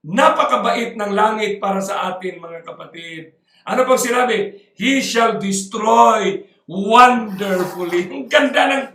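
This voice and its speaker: Male preacher, very high bright voice, emphatic sermon, echoey room away from the mic. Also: recorded from a distance. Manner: emphatic, mixing Tagalog and English, slows to stress quoted verses, bursts of shouting.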